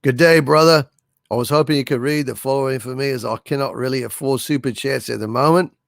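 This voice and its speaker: A man reading out a message in a put-on Australian accent, quick and a little lower than his usual voice. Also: vocal fry, a bit bright, no echo, clean studio sound. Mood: reading aloud. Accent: mock Australian.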